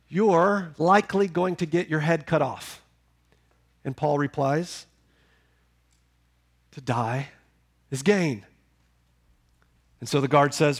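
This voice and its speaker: A pastor preaches a sermon, building to loud, emphatic peaks before dropping low and quiet.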